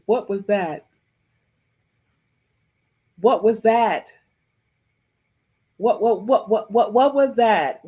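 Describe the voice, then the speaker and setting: Slow-talking excitable woman podcast host. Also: on the high side, husky. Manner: excitable, repeats herself, talks to chat. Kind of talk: livestream gossip commentary.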